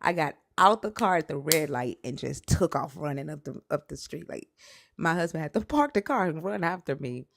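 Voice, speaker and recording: Low gravelly woman telling a blunt story. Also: animated, normal speed, background noise. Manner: emotional, blunt, swears freely; rambling with restarts and quoted outbursts. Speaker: live stream guest. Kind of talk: casual personal storytelling.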